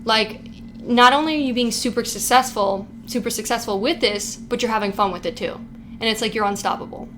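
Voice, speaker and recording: A woman's voice: fairly high pitch, a little fast, fairly bright tone, slight background noise. Hyped, swearing woman reading tarot. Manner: hyped, profane, heavy use of "like". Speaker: tarot reader. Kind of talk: casual pick-a-card tarot reading.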